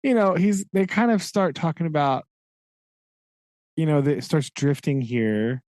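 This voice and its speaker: A man's voice: fairly high pitch, measured pace, a little mellow, no room sound. A man co-hosting a casual book discussion, rambling along with lots of "like" and "right?" and laughing at his own asides. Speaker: podcast co-host.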